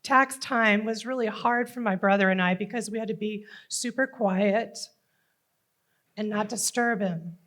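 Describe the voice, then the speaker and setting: Middle-aged woman, stage storyteller, higher voice, unhurried dramatic delivery. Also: fairly bright tone. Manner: dramatic, slow and deliberate with emotional emphasis. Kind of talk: personal storytelling talk.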